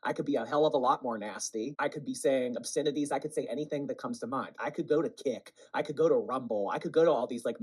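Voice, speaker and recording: A man hosting a casual livestream commentary, talking straight to his chat and swinging between loud bursts and quiet asides. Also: medium pitch, low-quality recording.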